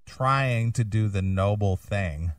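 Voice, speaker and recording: Blunt low-voiced male host. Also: slow, dry recording, studio quality, far from the mic. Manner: blunt, probing, repeats himself for emphasis. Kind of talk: casual radio talk.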